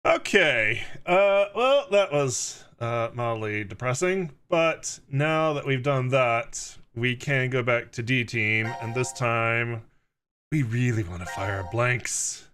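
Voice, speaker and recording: A man's voice: mid-range voice, expressive, slow, fairly bright tone, clean tone. A man streaming a game, giving wry, offhand casual commentary. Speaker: let's play streamer.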